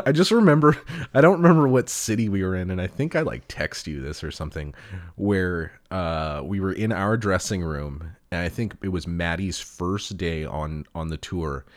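Very deep-voiced laid-back man. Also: animated, moderate pace. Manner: laid-back, rambling, swears freely, laughs often. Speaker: touring band musician. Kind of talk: casual chat.

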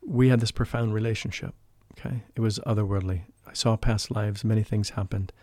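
A man talking as a guest in an interview, telling a personal spiritual story in an earnest, emotional way. He often drops into a hushed voice when he quotes people. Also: fairly low pitch, fairly even intonation, fairly quick, no echo, studio quality. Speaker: podcast guest, spiritual life coach.

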